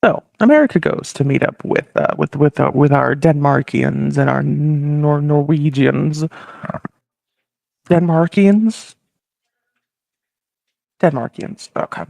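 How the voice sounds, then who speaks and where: Gravelly young man hosting. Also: on the high side, normal speed, hardly any pauses, a little mellow, no room sound. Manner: giggly, self-aware. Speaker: podcast host. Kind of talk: improvised comedy role-play.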